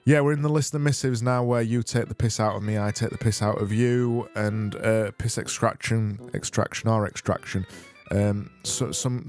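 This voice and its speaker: A man's voice: fairly low pitch, a little mellow, no room sound. A man hosting a casual solo podcast, rambling, self-mocking and sweary, on a close mic. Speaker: podcast host.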